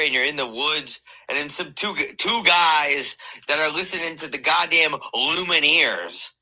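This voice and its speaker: A man hosting a podcast, delivering a profane, animated comedic rant from his bed, slowing down for emphasis. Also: on the high side, rough recording. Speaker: podcast host. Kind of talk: ranting comedic monologue.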